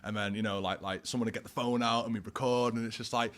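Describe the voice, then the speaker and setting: A man's voice: on the low side, fairly even intonation, fast, a bit bright, clean tone. A man in his twenties with a Northern English accent, a guest musician chatting casually, slangy and full of fillers, a little tipsy after a pint. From Warrington, England. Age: 20s. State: a bit tipsy. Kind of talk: casual chat.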